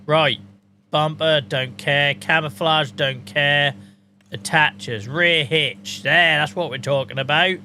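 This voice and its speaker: Here a man speaks a little slowly in a fairly high, bright and forceful voice, with slight noise behind him. It's casual commentary on a farming game he's streaming, full of jokes, swearing and banter with his viewers.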